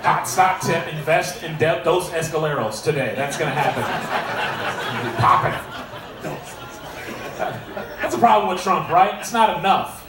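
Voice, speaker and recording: A man in his thirties doing a stand-up set and emceeing in a comedy club, talking in a sarcastic, punchy, conversational way into a stage mic. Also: a little high. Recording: echoey club from far off, crowd noise.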